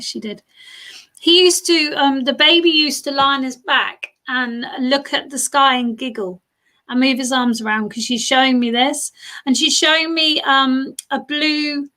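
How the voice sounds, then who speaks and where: A British woman leads a live-streamed spiritual reading and addresses viewers directly. Her voice sits high and sounds bright and clear. She talks in a chatty, informal way. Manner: chatty, reads out viewer comments and talks straight to them. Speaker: spiritualist medium.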